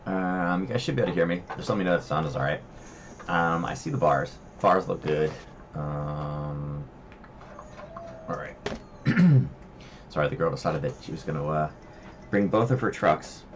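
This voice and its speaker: A man's voice: a bass voice, normal speed, pauses often, slight background noise. A man hosting a casual trading livestream from his home desk, chatting loosely with lots of fillers. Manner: rambling, chatty, many fillers. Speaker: trading stream host.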